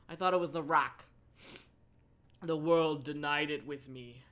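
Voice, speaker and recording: Streaming a book reading live, this woman mixes in sarcastic jokes, frequent laughter, and self-interruptions. She has a low, fairly bright voice and talks a little slowly, pausing often.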